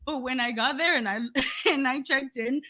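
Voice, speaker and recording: A young woman co-hosting a podcast, telling a story in casual chat, animated and laughing, acting out other people's voices. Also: high voice, normal speed. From Latina. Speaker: podcast co-host.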